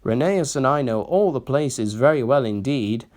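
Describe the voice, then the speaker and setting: A man voicing a kindly old little male steam engine in a storybook reading, telling gentle memories. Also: medium pitch, lively intonation, moderate pace, natural voice. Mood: fond.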